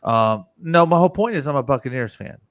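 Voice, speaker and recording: A man in his forties hosting a casual live-stream chat, animated and rambling, swearing often. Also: medium pitch, a little fast, no room sound.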